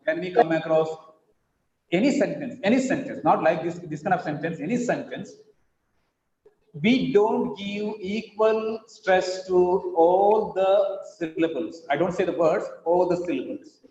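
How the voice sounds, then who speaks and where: A man teaching an online phonetics class, patiently repeating words slowly to model stress. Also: sits high, a little mellow, a little hiss or hum. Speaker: English teacher. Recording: echoey, dull online call audio.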